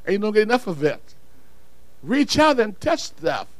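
A man preaching a sermon, swinging from quiet, low asides to shouted calls to the congregation. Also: sing-song, moderate pace, no room sound. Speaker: pastor.

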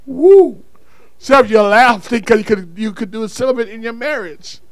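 A man preaching a sermon, swinging from quiet, low asides to shouted calls to the congregation. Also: brisk, dry recording. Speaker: pastor.

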